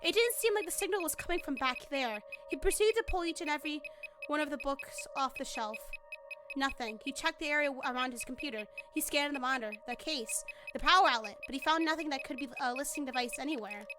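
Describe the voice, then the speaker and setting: A young woman streamer reading a visual novel aloud and chatting with viewers, animated and excitable, swearing casually and breaking into sudden shrieks. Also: high-pitched, quick pace. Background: game music.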